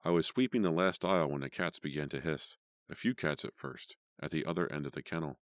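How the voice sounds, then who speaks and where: Very deep-voiced male narrator, dry. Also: fairly quick, no echo. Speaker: audiobook narrator. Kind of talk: scripted narration.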